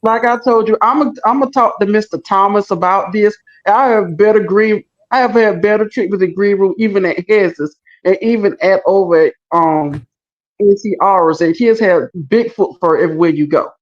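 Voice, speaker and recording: A man's voice: high-pitched, normal speed, lo-fi sound. A man co-hosting a show in comic banter, sounding demanding and self-important. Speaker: show co-host. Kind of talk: comedic banter in a character voice.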